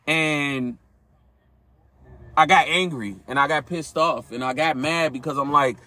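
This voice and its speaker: A man's voice: a little high, steady tone, normal speed, pushed and bright, a little hiss or hum. A man hosting a podcast, telling a personal story in an earnest, reflective way and speaking directly to his listeners. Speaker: podcast host.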